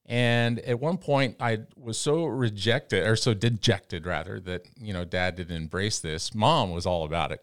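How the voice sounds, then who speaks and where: A middle-aged man from the Texas panhandle spins animated anecdotes and acts out the voices of other people as he talks. His voice sits low, and he often restarts a phrase. He is recorded close on a dry studio mic. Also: no room sound. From Amarillo, Texas area. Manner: animated anecdotes full of quoted dialogue, frequent restarts. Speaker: interview guest, radio broadcaster. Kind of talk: casual storytelling.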